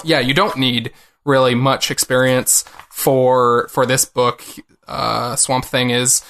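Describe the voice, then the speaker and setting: A man's voice: medium pitch, fairly bright tone. A man co-hosting a comics podcast in casual chat, rambling with many fillers. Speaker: podcast co-host.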